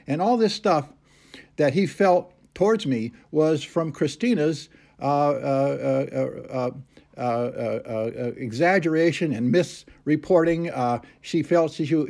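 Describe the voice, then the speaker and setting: A man talks his way haltingly through a grievance, stopping often on hesitations. His manner is aggrieved and insistent, and his voice sits at an ordinary middle pitch. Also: a little mellow. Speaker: complainant recounting a police encounter. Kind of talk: unscripted personal statement.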